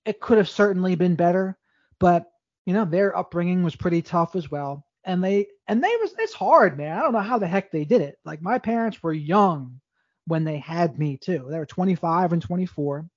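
A man's voice: high-pitched, animated, normal speed, dry recording, muffled recording. Candid rambling man telling his story. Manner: candid, rambling, frequent restarts. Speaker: podcast guest. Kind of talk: casual storytelling interview.

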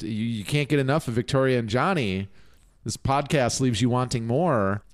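A man's voice: medium pitch, clean tone. Chatty man co-hosting a podcast. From Minnesota, United States. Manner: chatty, rambling, swears casually, laughs often. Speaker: podcast co-host. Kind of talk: casual chat.

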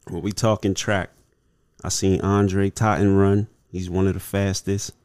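Slangy laid-back podcast host, low voice. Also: male voice, little pitch movement, a little slow, a little mellow, smooth. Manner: loose, slangy, swearing, laughs easily. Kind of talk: casual podcast chat.

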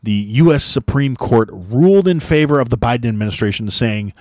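A man's voice: medium pitch, expressive, fairly quick, no room sound, clean studio sound. A man hosting a podcast, ranting bluntly about politics with heavy swearing and lots of restarts. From United States. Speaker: podcast host. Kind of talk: profane political rant.

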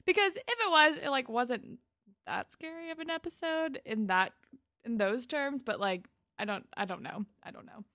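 A woman's voice: sits high, expressive, normal speed, bright, forceful tone, no room sound, clean studio sound. A young woman co-hosting a casual podcast, chatty and amused as she talks through an episode. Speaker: podcast co-host. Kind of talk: casual chat.

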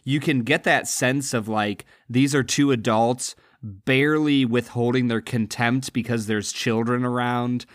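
A man's voice: medium pitch, fairly even intonation, a little slow, no room sound, studio quality. A man co-hosting a podcast, earnestly discussing a film and its performances. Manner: earnest, admiring. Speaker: podcast co-host. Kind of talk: casual film review chat.

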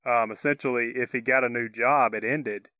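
A man's voice: mid-range voice, fairly even intonation, moderate pace, bright, forceful tone, no echo. A man co-hosting a casual sports talk show, opinionated and easygoing, chuckling often. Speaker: co-host.

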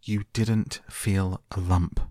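A sour, furious little girl snaps out orders, as a male reader puts her on. The voice stays slow and a bit gravelly under the scolding, lifting now and then with temper, and it sounds dry and close. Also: sits low, steady tone, no room sound, heavily acted. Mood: fierce scolding. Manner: scolding, commanding.

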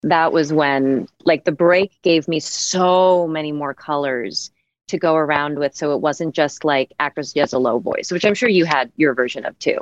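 A woman's voice: sits low, normal speed, no room sound. An actress speaking in a reflective roundtable conversation, searching for her words with frequent restarts. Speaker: actress guest. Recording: dull, dry sound.

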